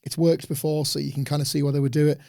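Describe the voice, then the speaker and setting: A man co-hosting a podcast, giving relaxed, opinionated analysis of a wrestling show. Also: fairly high pitch, fast talker, vocal fry, no room sound, clean studio sound. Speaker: podcast co-host.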